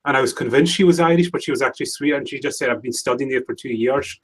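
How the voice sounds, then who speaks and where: A man's voice: mid-range voice, quick pace, slightly rough. A man hosting a casual livestream hangout, chatting in a rambling, hesitant way with many restarts. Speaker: livestream host. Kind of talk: casual chat. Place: home livestream setup.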